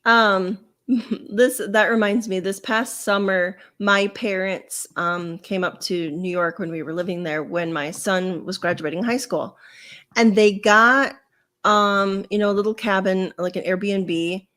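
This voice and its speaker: A woman in her forties hosting a podcast, telling stories in a relaxed, rambling way. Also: mid-range voice, a little slow. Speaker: podcast host. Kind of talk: casual chat.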